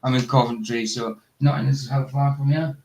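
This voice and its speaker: A man with a Scottish accent chatting casually, loud and blunt, laughing often. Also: medium pitch, steady tone, moderate pace, a little hiss or hum, rough recording. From Scotland. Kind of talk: casual chat.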